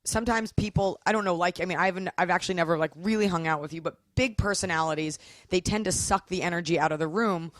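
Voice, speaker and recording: A young woman comedian, a guest on a podcast, talking in a casual, animated way and acting out quotes. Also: lowish voice, fast talker, no echo, studio quality. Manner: animated storytelling with acted quotes. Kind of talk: casual chat.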